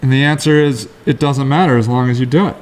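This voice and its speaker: A middle-aged man co-hosting a casual talk show, telling rambling stories in quick, lively bursts. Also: mid-range voice. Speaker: co-host. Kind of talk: casual chat.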